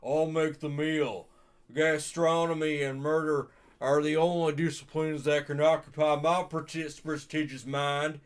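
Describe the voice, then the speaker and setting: A man putting on a low Southern US drawl to voice a pompous gourmet detective in a game. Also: level tone, clear, resonant tone, close to an everyday voice. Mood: haughty. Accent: put-on Southern US. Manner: low, slow, haughty drawl.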